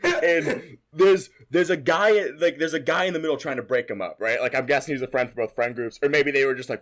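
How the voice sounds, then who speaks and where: A man's voice: mid-range voice, brisk. A young man co-hosting a podcast, telling profane stories from his school days in casual chat and acting out the voices of people in them. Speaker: podcast co-host. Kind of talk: casual storytelling.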